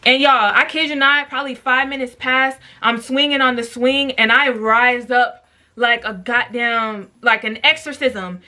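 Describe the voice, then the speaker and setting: Bright, chatty young woman vlogger. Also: a little high, steady tone, unhurried. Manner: chatty and slangy, constant fillers, addresses viewers directly. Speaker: storytime vlogger. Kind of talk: casual storytime vlog.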